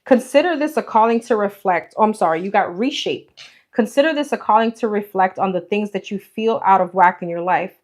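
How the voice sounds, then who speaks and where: A female tarot reader with a New York accent does a live-stream reading, speaking a little fast in a mid-range voice. She's casual and talkative, calling viewers "girl" and "guys," and her phone mic picks up an echoey, roomy space with faint hiss.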